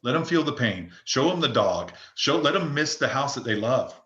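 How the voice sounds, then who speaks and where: A man leads an open forum for real estate agents and coaches them in an emphatic, looping way, with many restarts. His voice is bright and forceful. The recording has a noticeable roomy echo. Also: medium pitch, sing-song, moderate pace, lo-fi sound. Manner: emphatic, repetitive, frequent restarts.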